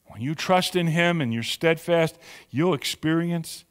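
A pastor preaching a sermon with emphatic, drawn-out stressed words in a church sanctuary. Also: male voice, on the high side, clear, resonant tone, big-room sound.

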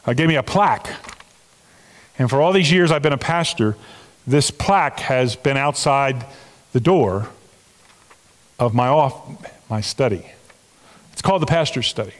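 A middle-aged man preaching a sermon as pastor, talking earnestly to the congregation with emphatic stresses and asides. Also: medium pitch. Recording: long hall reverb.

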